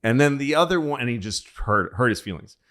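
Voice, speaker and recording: A comedian telling a rambling, profane history story on a casual podcast, with frequent restarts and asides. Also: male voice, mid-range voice, expressive, brisk, fairly bright tone. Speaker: comedian guest.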